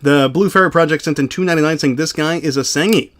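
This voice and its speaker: A man's voice: on the high side, fast talker, fairly bright tone. A young adult man reading out viewer donations on a livestream in a casual, blunt, profane way.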